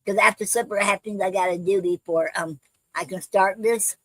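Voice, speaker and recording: A woman's voice: mid-range voice, fairly even intonation, brisk, no echo, poor audio. A woman hosting a poetry livestream, chatting casually with many ums and restarts and calling her viewers family. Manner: affectionate toward viewers, calls them fam.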